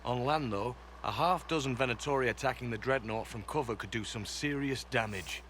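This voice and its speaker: A man voicing a disciplined soldier ally in a game, who briefs in a calm, measured, matter-of-fact way. His voice sits at an ordinary pitch over a faint hiss. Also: lightly acted. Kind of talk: video game dialogue.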